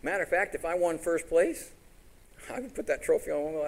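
A man from Tennessee preaching a sermon in a folksy, animated way, often acting out little scenes. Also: on the high side, normal speed. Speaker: pastor.

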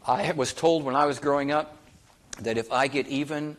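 A man's voice: mid-range voice, normal speed. Man preaching with rhetorical questions. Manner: emphatic, with many rhetorical questions; quotes scripture in old-fashioned wording. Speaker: pastor. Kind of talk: sermon.

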